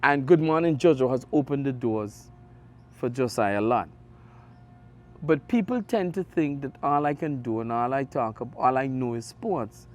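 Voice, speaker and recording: A middle-aged man with an Antiguan accent, a radio sports host telling stories in an interview, animated with big jumps in his voice. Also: mid-range voice, moderate pace. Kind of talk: conversational interview storytelling.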